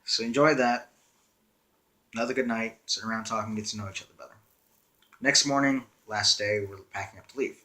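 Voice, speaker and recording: Young guy doing a storytime vlog, wry and chatty, uhs here and there, bright sharp tone. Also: fairly low pitch, fairly even intonation, fairly quick, long pauses. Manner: wry, conversational, with frequent "uh" fillers. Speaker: storyteller vlogger. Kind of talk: casual storytime narration.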